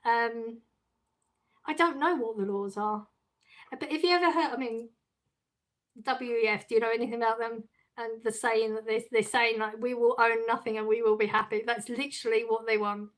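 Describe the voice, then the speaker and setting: A woman's voice: on the high side, fairly even intonation, normal speed. A middle-aged woman hosting a casual live stream, chatting with her viewers, reading out their messages and laughing often. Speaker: livestream host reading chat. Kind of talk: casual chat.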